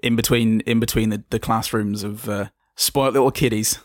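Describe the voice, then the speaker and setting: A man's voice: fairly low pitch, steady tone, normal speed, dry recording, studio quality, natural voice. A man voicing a pompous, entitled man in a suit who talks down to everyone. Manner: condescending, sneering.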